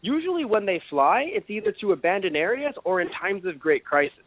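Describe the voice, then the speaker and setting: A high-pitched man rambles through a laid-back anime review, filling his talk with "you know" and "like" and tossing in a curse now and then. His voice swoops up and down a lot. It sounds thin and phone-like, with no room echo at all. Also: sing-song, brisk. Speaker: podcast co-host. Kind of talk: casual anime review chat. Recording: dry, phone-like lo-fi recording.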